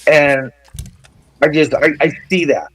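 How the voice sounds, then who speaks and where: A man rambling excitedly on a livestream panel, with lots of stammered restarts. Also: fairly high pitch, slow pace, dry recording, poor audio. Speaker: panel guest.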